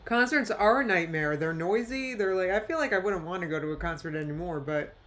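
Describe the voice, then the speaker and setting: A woman's voice: lowish voice, fairly quick, a bit bright. A woman hosting a casual live react stream, chatting loosely, reading viewer comments aloud and laughing often. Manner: chatty, rambling, reads chat comments aloud with frequent laughs. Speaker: host reacting live to videos.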